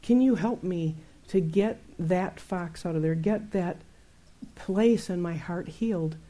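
A middle-aged woman teaching about faith in a chatty, animated way, laughing often and acting out her own outbursts. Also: lowish voice, slow pace. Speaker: Christian teacher. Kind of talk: conversational Bible teaching.

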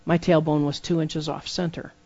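A preacher giving a sermon full of personal testimony, telling the stories lively and acting out the dialogue. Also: mid-range voice, normal speed, lo-fi sound. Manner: lively storytelling that acts out dialogue.

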